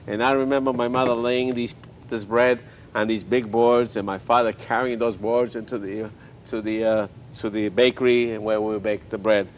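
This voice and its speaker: A man's voice: lowish voice, level tone, normal speed, a little hiss or hum. Older man hosting a homey cooking show. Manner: folksy storyteller, joking asides. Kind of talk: chatty cooking demonstration.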